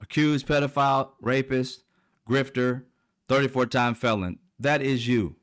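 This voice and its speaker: A man's voice: mid-range voice, steady tone, measured pace, a bit bright. A middle-aged man, hosting heated political commentary in a blunt, profane, mocking way. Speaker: commentary channel host.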